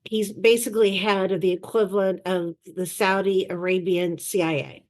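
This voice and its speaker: A woman guest in an interview, telling an anecdote in a lively way and acting out the voices she quotes, over a video call. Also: mid-range voice, normal speed. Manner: animated storyteller who acts out quoted voices. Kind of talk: anecdotal storytelling.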